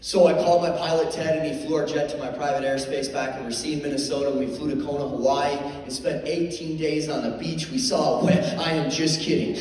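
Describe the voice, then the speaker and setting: A middle-aged man, a motivational speaker, telling a comic story to an audience in an animated, jokey way, full of "like" fillers. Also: fairly high pitch, a little fast, hardly any pauses. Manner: animated, jokey, many "like" fillers, lively voices for quotes. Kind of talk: comedic storytelling talk to an audience. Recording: echoey hall, mic heard from far off, faint ambience.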